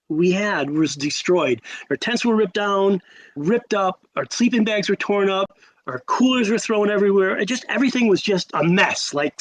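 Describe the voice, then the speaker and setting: Poor audio carries the high-pitched voice of a man in his sixties, a podcast guest recounting stories. He's animated throughout, jumping suddenly in pitch, repeating himself for emphasis and pausing like a practiced storyteller.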